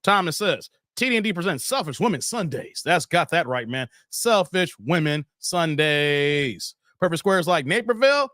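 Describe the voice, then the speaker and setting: Male stream host, higher voice, playful banter, dry close sound. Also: animated, normal speed, few pauses, a bit bright, no echo. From Chicago area. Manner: laid-back, playful, trash-talking banter. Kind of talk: casual live stream chat reading comments.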